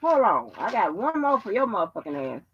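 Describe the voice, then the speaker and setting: A woman's voice: medium pitch, very animated, brisk, slight background noise. A woman hosting a live stream, ranting brashly with heavy cursing and taunts at her listeners. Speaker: show host. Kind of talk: profane live-stream rant. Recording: dull lo-fi stream audio.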